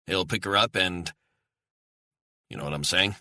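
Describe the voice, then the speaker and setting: A man's voice: deep voice, a little slow, sharp tone, no echo, clean studio sound, full character voice. A man narrating an audiobook, voicing a blunt male covert handler who gives clipped orders over the phone. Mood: tense, blunt.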